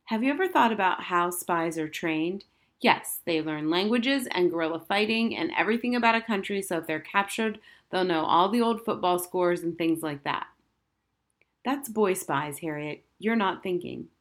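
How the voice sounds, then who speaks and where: A kindly, sensible nanny talks a child round with patient logic, as a woman reader puts her on. The voice is close to the reader's own, even and reasonable. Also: lowish voice, moderate pace, close to an everyday voice.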